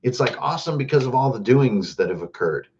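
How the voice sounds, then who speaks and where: A man's voice: mid-range voice, animated, a little fast, darkish tone, lo-fi sound, a little hiss or hum. Rambling, jokey man hosting a stream. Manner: rambling, jokey, greets chatters by name. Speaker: host. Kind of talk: casual livestream chat.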